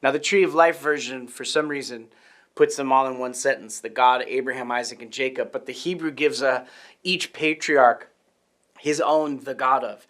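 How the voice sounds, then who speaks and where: A man's voice: medium pitch, steady tone, normal speed, a bit bright. A man preaching a sermon, teaching earnestly and restarting his phrases. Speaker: pastor.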